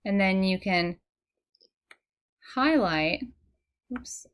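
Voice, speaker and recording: Young female teacher, mid-pitched, patient and encouraging, talks a student through sounds step by step. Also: animated, extremely slow, smooth. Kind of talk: one-on-one phonics lesson. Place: indoor room, recorded on a computer.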